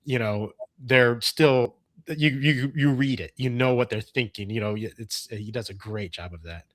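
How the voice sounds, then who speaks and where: A man's voice: mid-range voice, moderate pace, a bit bright, no room sound. A man hosting a podcast in casual chat, easygoing and supportive, talking over a video call from home. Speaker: podcast host.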